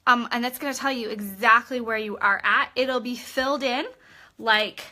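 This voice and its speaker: A woman runs a live video training for her sales team, lively and talkative. Her voice sits a little high and rings bright. She keeps repeating key points and checking in with her viewers. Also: normal speed. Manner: energetic, chatty, repeats points and checks in with "okay?"; acts out customer chats in a bubbly voice. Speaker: direct sales team leader.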